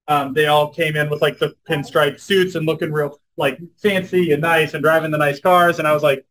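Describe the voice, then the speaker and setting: A young man giving a storytelling talk, animated and filling his speech with "like" and "um". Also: on the high side, normal speed, rough recording. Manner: animated, says "like" and "um" a lot. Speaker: guest speaker at a club meeting.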